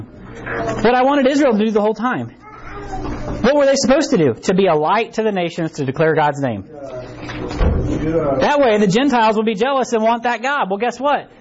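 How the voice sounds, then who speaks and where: A middle-aged man gives a laid-back sermon in a high, light voice, slipping into acted-out quotes and tossing in "right?" again and again. The recording sounds muffled and lo-fi, with a faint hiss behind him. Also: animated, normal speed. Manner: chatty, acts out quotes, keeps asking "right?". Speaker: preacher. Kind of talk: casual conversational sermon. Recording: dull lo-fi recording.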